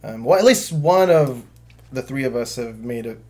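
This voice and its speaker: A man co-hosting a podcast, steering the casual chat with questions and quick bursts of speech. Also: mid-range voice, lively intonation, darkish tone. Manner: steers the talk, quick bursts, easy laughter. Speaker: podcast co-host.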